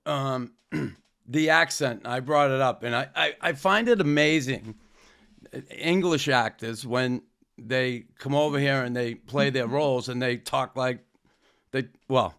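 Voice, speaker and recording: A man's voice: mid-range voice, creaky, a bit bright. A man with a Boston accent, co-hosting a podcast in blunt, swearing casual talk. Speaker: podcast co-host. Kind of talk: casual chat.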